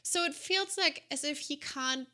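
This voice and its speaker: A woman's voice: high-pitched, a little slow, bright, forceful tone. A woman co-hosting a podcast, chatting casually and rambling through a long game recap. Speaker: podcast co-host. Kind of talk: casual chat about a video game.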